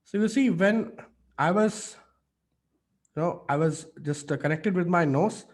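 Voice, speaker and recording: A male public speaking coach leads an online mentorship session. His voice sits a little high for a man, and he talks with eager, demonstrative energy, peppered with fillers. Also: a little slow.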